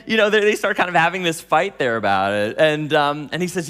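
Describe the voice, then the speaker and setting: A man giving a storytelling talk to an audience, animated, laughing often and acting out dialogue. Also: fairly high pitch, quick pace, few pauses, in a large hall. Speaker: speaker telling stories to an audience.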